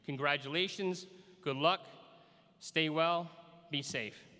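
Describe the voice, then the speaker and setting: Bright-voiced superintendent telling a story. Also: male voice, on the high side, slow, long reverb tail. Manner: storytelling with self-deprecating humor. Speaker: school superintendent. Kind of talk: commencement speech. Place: outdoor graduation on a school field.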